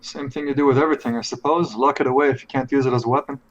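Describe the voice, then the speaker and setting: A man playing a tabletop game, answering in quick, wry banter. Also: medium pitch, steady tone, highs cut off. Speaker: player. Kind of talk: casual in-character banter.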